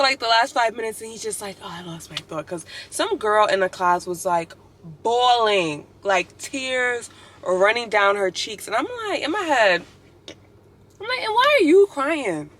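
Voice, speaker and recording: A woman's voice: medium pitch, fairly bright tone. A young woman telling stories in a chatty, opinionated way in a casual vlog, with lots of "like". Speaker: vlogger.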